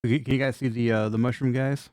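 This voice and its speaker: Profane laughing game master, dry mic. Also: male voice, mid-range voice, level tone, fast, a little mellow, no echo. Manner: laughing, loose and profane, many restarts. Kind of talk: narrating a tabletop game.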